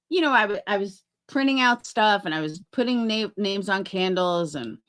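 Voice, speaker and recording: A woman's voice: mid-range voice, fairly bright tone. A middle-aged woman chatting on a livestream, rambling and swearing as she talks to her chat by name.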